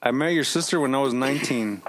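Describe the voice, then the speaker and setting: A man in his forties teasing a friend in casual bilingual banter, joking and lively. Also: mid-range voice, fast talker, slight background noise. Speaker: podcast co-host.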